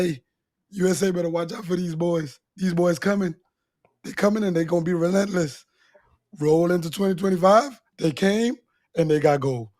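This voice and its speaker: A man's voice: on the high side, a little mellow, no room sound, clean studio sound. A man co-hosting a casual sports podcast, boastful and emphatic, repeating his points with laughs. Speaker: podcast co-host.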